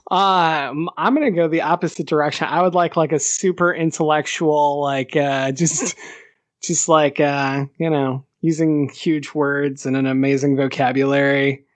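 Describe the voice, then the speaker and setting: A man's voice: a little high, fairly even intonation, measured pace, dry recording. A man hosting a casual podcast, easygoing and laughing as he talks. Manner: easygoing, laughs while talking. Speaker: podcast host.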